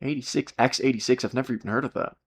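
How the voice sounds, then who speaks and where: A man's voice: mid-range voice, steady tone, very fast, slightly rough. A man streaming live, talking casually in a rambling, profane rant full of restarts.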